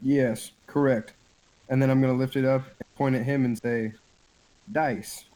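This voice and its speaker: Male player, mid pitch, halting delivery full of fillers. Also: little pitch movement, mellow, low-quality recording. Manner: hesitant, full of fillers while describing actions. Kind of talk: casual tabletop play.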